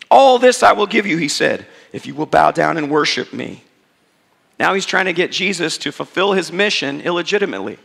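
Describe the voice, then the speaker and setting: A man preaching a sermon as a pastor, telling a story in a lively, conversational way and acting out the quotes. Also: on the high side, gravelly, slightly rough, big-room sound.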